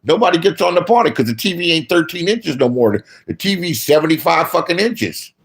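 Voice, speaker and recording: Man, streamer commentary, profane rant, blunt, a bit high-pitched, mutters then shouts. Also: sing-song, a little fast. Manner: blunt, cussing, swinging between mutters and shouts.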